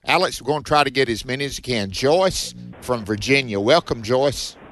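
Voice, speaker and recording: Fast, emphatic man hosting a prayer show. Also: mid-range voice, animated, a bit bright, faint music behind. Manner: fast, emphatic preacher-like delivery. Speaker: radio show host.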